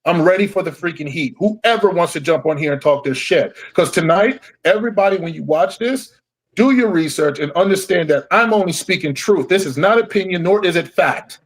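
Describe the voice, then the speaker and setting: A man's voice: sits high, lively intonation, fairly quick. A middle-aged man, tired and angry, ranting heatedly with lots of swearing as a podcast guest. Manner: heated, profane, emphatic.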